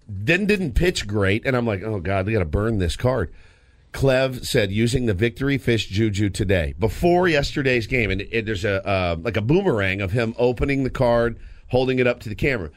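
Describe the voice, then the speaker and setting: A man co-hosting a sports radio show, telling a story in a lively, casual way with frequent restarts, in a studio. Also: medium pitch, no room sound. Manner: animated storyteller, lots of restarts.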